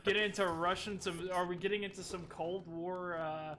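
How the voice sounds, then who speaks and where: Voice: mid-range voice, flat delivery, normal speed, a bit bright, a little hiss or hum. A streamer hosting a casual gaming stream, playful and self-deprecating. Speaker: streamer host.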